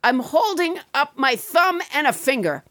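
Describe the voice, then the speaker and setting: A woman hosting a comedic podcast, wry with quick asides. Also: sits high, sing-song, fairly bright tone, no room sound, clean studio sound. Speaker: podcast host.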